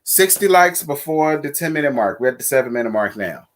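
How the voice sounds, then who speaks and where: A man hosting a casual live stream who chats with his viewers in a sassy, blunt and profane way, giving shout-outs and calling for likes. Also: mid-range voice, lively intonation, fairly quick.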